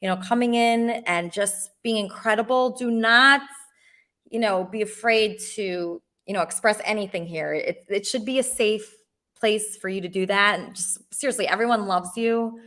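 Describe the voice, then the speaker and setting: Bright-voiced woman hosting a livestream. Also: mid-range voice, normal speed. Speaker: host. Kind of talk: casual livestream chat.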